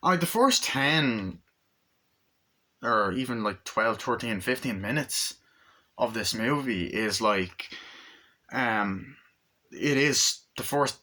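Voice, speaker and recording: Excitable, bright-voiced man reviewing a movie. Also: medium pitch, takes it slowly, long pauses. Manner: excited, profane, rambling, acts out scenes.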